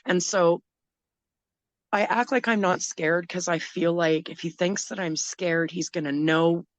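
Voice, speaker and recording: Low-voiced woman telling a harrowing story. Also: fairly even intonation, no echo. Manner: emotional, halting, with restarts. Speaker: guest. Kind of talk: personal story in a podcast interview.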